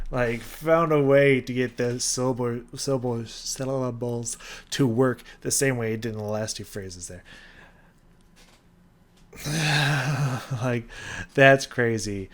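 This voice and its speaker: A man's voice: mid-range voice, fairly bright tone. A young man in casual chat, reacting to a song with enthusiasm, scatting rhythms and using lots of fillers. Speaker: music reaction host. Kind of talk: casual music analysis.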